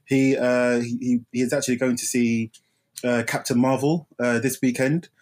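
Guy, podcast co-host, easygoing, chuckles a lot, slightly worn out, mid-pitched voice. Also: level tone, normal speed, a little mellow, soft background music. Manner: laid-back, laughs often, repeats phrases. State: tired after the gym. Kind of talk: casual film podcast chat.

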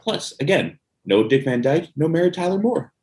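Man, podcast co-host, casual banter, animated pitch, laughs a lot. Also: moderate pace. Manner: jokey, laughs often, rambling with fillers. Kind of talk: casual chat.

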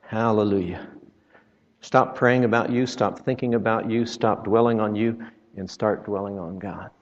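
Male traveling preacher, folksy and joking, deep-ish voice, muffled recording. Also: fairly even intonation, moderate pace. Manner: folksy, joking asides, quotes scripture. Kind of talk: sermon. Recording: reverberant, dull lo-fi sound.

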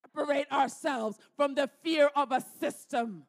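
A woman's voice: high voice, unhurried. A woman pastor leading a fervent prayer, declaring and repeating lines with growing force. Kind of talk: sermon prayer.

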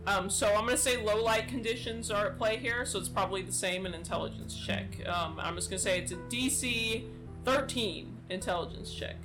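A woman narrating as game master in a tabletop game, relaxed and filling her speech with ums. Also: mid-range voice, fairly quick, over music. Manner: relaxed, with many fillers and laughs.

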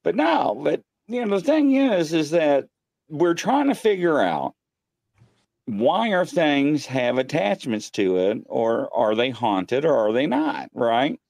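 A man hosting a live paranormal show from his home studio, telling ghost stories excitedly and acting out what people said. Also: a little high, slow pace, creaky, no echo. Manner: excitable storyteller, acts out quotes. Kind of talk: casual live-stream chat. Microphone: desk mic.

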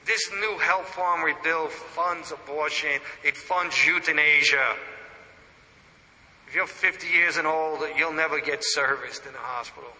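A man's voice: fairly high pitch, steady tone, a little slow. Impassioned male preacher in a reverberant hall. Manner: impassioned, swings from loud declarations to hushed asides. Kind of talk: sermon.

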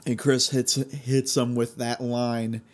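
A young man hosting a casual solo podcast, telling stories in an animated, gleeful way and laughing often. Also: medium pitch, takes it slowly. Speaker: podcast host.

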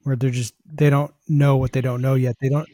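A man with a mid-range pitch and a mellow, warm tone chats reflectively on a podcast and makes his points through comparisons. The audio is dry and close to the mic. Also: flat delivery, a little fast, no room sound. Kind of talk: casual podcast conversation.

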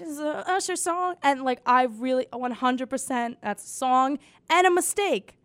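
Sarcastic young woman, high pitched, dry close sound, casual podcast host, swears freely. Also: animated, moderate pace, no room sound. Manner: sarcastic, swears freely, mock-quotes others in put-on voices. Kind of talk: casual comedic chat.

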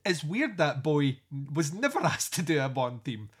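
A man's voice: on the high side, normal speed, husky. A man co-hosting a music podcast, chatting casually, swearing and laughing as he tells stories. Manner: sweary, laughing, animated storytelling. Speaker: podcast co-host. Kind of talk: casual chat.

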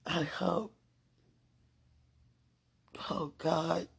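A woman podcaster giving a slow, earnest, deeply emotional devotional monologue. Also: fairly even intonation, vocal fry, breathy edge.

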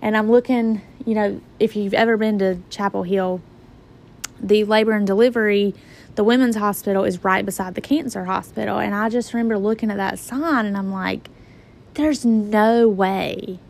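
A young woman in her twenties tells her own story in a relaxed, chatty way, her voice slightly gravelly and rough at the edges. She gives her own reactions back with lively expression. A faint hum of noise sits behind her. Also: medium pitch, fairly quick. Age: 20s. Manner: casual, conversational retelling with lively quoted reactions. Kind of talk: personal storytelling.

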